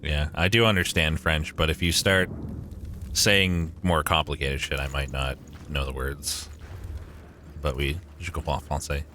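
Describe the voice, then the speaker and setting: A man's voice: very deep voice, fairly even intonation, measured pace, bright, forceful tone, slight background noise. A young man streaming a game live, chatting with his viewers, swearing often and joking sarcastically.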